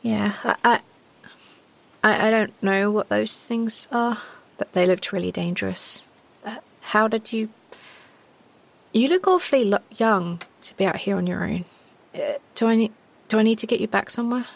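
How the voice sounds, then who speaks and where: A woman's voice: medium pitch, normal speed, vocal fry, pauses often, voice pushed up, low-quality recording. A woman voicing an earnest, slightly nervous young survivor in a tabletop role-play.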